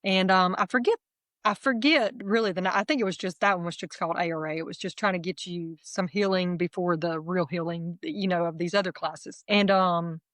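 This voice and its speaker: A middle-aged woman, candidly telling her personal testimony as a guest in a lively, self-deprecating way. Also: fairly low pitch, a little fast, no room sound.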